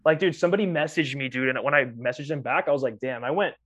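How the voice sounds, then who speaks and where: A man's voice: medium pitch, quick pace, fairly bright tone, breathy edge. A man in casual conversation who rambles and acts out quoted exchanges as he tells stories. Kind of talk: casual chat. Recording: dull lo-fi sound.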